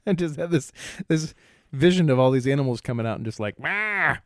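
A man's voice: medium pitch, fast talker, dark tone, dry recording, studio quality. A man co-hosting a podcast, chatting casually and joking, laughing easily and mimicking sounds. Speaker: podcast co-host. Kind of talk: casual chat.

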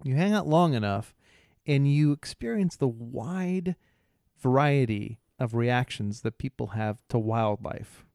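A man co-hosting a podcast, telling a rambling story in casual chat, halting often, laughing, and imitating bystanders' voices. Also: medium pitch, expressive, creaky, darkish tone, dry recording, clean studio sound. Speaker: podcast co-host.

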